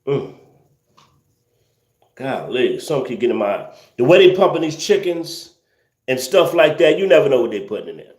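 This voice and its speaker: A man's voice: mid-range voice, sing-song, moderate pace, pauses often, a little mellow, roomy sound. A man hosting a casual livestream, reading viewer comments and ranting with incredulous laughter and slang.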